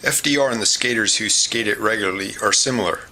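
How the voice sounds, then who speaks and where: A man reading scripted documentary narration in an even, measured way. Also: on the low side. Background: loud guitar music.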